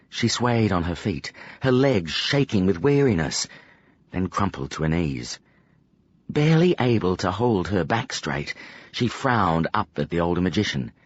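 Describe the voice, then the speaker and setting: A man narrating an audiobook in a scripted, expressive and dramatic storytelling style. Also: sits low, slightly rough, dry recording, muffled recording.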